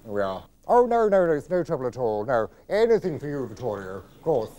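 Brief: actor playing an arch, drawling comic on a theatre stage, camp and gossipy, mid-pitched voice. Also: male voice, big pitch swings, a little fast, warm tone, muffled recording, close to an everyday voice. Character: camp nasal older male comedian, arch, gossipy. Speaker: stage performer in one-man show. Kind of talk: live stage impression. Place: large theatre, live audience.

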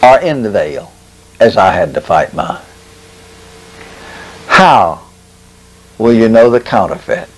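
Man, testimony sermon, dramatic preaching, long pauses, slow emphatic phrases, lively swooping pitch. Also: rough recording.

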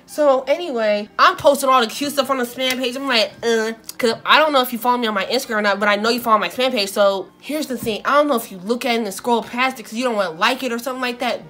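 Animated chatty teen girl vlogger. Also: a little high, fast talker, soft background music. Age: teens. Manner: animated, dramatic, full of asides and self-talk. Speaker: beauty vlogger. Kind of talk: casual chatty storytelling.

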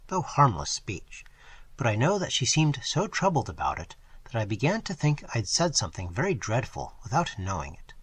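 A man narrating a first-person story for an audiobook in an expressive storytelling manner. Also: medium pitch, breathy edge, dry recording. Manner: expressive storytelling, varied delivery.

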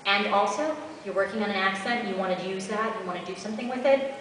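Fast and fairly bright, a medium-pitched woman's voice answers audience questions at a convention panel. As a voice actor, she offers chatty, practical tips with asides; the big hall echoes, the mic is distant, and there's slight background noise.

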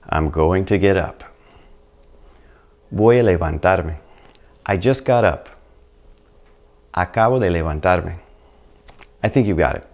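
Deep-voiced man teaching a relaxed lesson. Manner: chatty, patient, checks in with "right?". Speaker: Spanish teacher.

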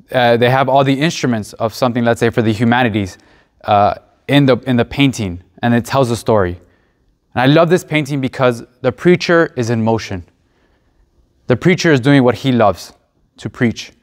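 Young male seminarian, mock tour guide for a class presentation, earnest, chatty, stumbles and restarts now and then. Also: mid-range voice. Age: young adult. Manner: conversational and earnest, with restarts and uh fillers.

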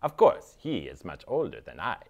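A young male vampire bat puppet for a children's show, speaking with a put-on Eastern European accent. His delivery is grand and count-like, sweeping widely up and down in pitch. He stays gentle and eager to reassure. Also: wildly swooping pitch, moderate pace, full character voice. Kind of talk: children's educational puppet skit.

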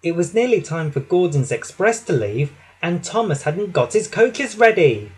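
A man reading a children's story aloud with an expressive storytelling delivery. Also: fairly high pitch, normal speed, slightly rough, low-quality recording. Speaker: storybook reader.

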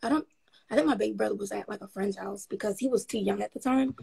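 Gravelly, husky woman. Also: medium pitch, fast talker, warm tone, poor audio. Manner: frank, rambling with frequent ums, upbeat. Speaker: guest. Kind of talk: casual interview storytelling.

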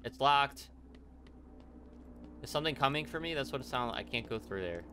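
A man's voice: mid-range voice, very animated, racing, noisy background. Jumpy young man in game commentary. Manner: jumpy, swearing, talks to himself. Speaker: let's play gamer.

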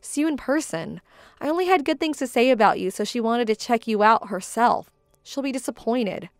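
A woman's voice: fairly high pitch, expressive, no echo, clean studio sound. A woman playing an indignant young bride-to-be. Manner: measured, indignant, cold. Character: young bride-to-be, hurt and firm. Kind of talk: dramatized story voice acting.

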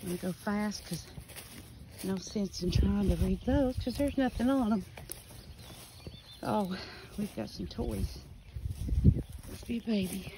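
Slightly out of breath, a woman with a mid-range voice narrates casually as she reads headstone names and dates in a rural cemetery. Birds and outdoor ambience fill the noisy background of this cemetery vlog.

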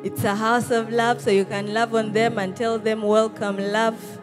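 A woman's voice: a little high, little pitch movement, measured pace. A woman hosting a church service, rousing the congregation with calls and responses. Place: church hall with live congregation. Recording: church service with music behind. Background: music.

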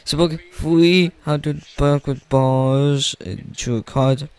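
A man retelling a picture book story aloud in a halting way, repeating words as he goes. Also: on the high side, a little mellow, clear, resonant tone, dry recording.

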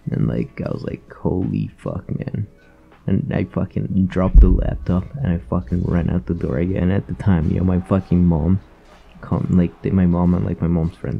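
Low gravelly young man ranting profanely. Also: dull audio, slight background noise. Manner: profane, rambling, filler-heavy. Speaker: vlogger. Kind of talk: casual storytime rant.

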